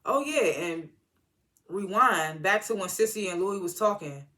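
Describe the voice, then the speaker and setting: A man's voice: sits high, animated, measured pace, bright, forceful tone. A man giving a casual, rambling, slangy recap of a TV episode as a reviewer. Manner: rambling slangy retelling with acted-out quotes. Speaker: TV show reviewer.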